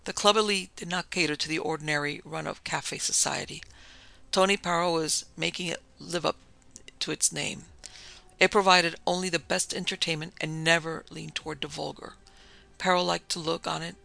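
A man narrating a pulp crime story in a steady, plain storytelling manner. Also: on the high side, creaky.

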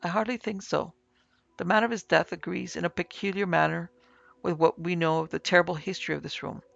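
A man voicing a calm male ghost investigator in a measured, precise way in an audiobook reading. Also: sits high, creaky, dry recording, lo-fi sound, exaggerated voice.

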